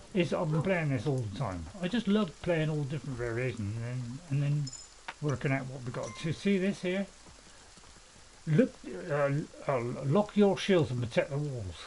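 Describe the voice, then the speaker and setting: A man's voice: fairly high pitch, noisy background. Chatty older man narrating gameplay. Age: 70s. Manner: rambling, chatty, joking and self-mocking. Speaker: gaming channel host. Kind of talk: casual gameplay commentary.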